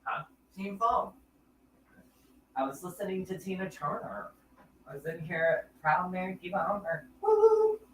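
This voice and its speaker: Host, male, slightly high and bright, blunt and heated, swears freely. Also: measured pace, long pauses, slight background noise. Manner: heated and blunt, with profanity and repetition. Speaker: live stream host. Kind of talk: casual chat, retelling an argument.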